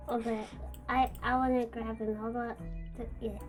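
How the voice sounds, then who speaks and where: A woman's voice: a little high, little pitch movement, moderate pace, faint music behind. A woman playing in a tabletop game, hesitant and repeating her words as she asks what to do. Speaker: player. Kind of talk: casual tabletop play.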